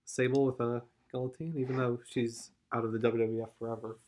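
A man co-hosting a podcast in an easygoing, chatty way, chuckling often. His voice sits in a middle pitch, with faint clicking noise behind him. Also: level tone, fairly quick, a little mellow. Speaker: podcast co-host. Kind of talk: casual chat.

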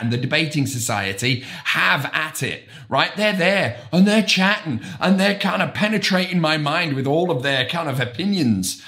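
Lively, bright-voiced motivational man. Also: fairly high pitch, moderate pace. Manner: emphatic, animated storyteller. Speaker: real estate broker. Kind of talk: motivational talk.

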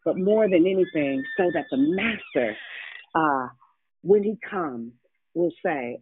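A woman's voice: on the low side, very animated, slow pace, husky, no room sound. Fervent woman preaching over a phone line. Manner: fervent, informal, playful with callers. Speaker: prayer call host and preacher. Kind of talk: preaching, then greeting callers. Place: phone call.

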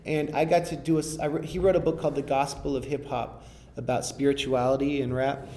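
A man's voice: medium pitch, level tone, a little fast, warm tone. A man, a rapper, talking casually in an interview, rambling and restarting often with enthusiasm.

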